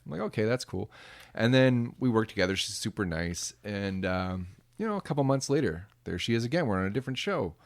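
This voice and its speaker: A man guest telling lively stories about his work as a background performer and acting out what people said. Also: on the low side, fairly quick. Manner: animated, acts out quoted voices. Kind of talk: casual interview storytelling.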